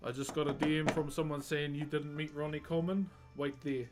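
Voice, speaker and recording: A man's voice: a little high, little pitch movement, a little fast, over music. Laid-back rural New Zealand man. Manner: laid-back, jokey, calls everyone brother. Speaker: wood carver streaming live. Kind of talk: casual livestream chat with viewers.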